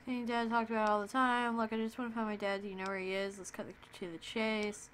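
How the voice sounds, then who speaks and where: A woman's voice: a little high, flat delivery, quick pace, a bit bright, a little hiss or hum. A woman playing a video game and commenting casually, playful and sarcastic, reading her choices aloud. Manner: playful, sarcastic, reads dialogue options aloud. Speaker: let's play gamer.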